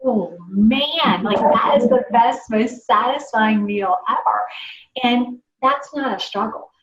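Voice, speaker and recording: A woman from the American South, a podcast guest telling her own story in a lively, enthusiastic way. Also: fairly high pitch, slow pace, roomy sound, highs cut off. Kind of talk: casual podcast chat.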